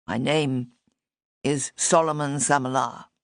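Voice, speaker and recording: A man's voice: medium pitch, steady tone, slow, dry recording, studio quality. A woman reading an audiobook voices a tall, agitated young man who talks in clipped, demanding phrases. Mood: tense. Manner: clipped, tightly controlled and demanding. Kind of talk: audiobook character voice.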